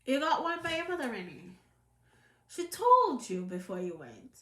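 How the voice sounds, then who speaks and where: A woman's voice: sits high, sing-song, normal speed, sharp tone, roomy sound. A Jamaican woman with a trace of a British accent, giving an emphatic, scolding commentary to camera in patois. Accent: Jamaican, with some British. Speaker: vlogger.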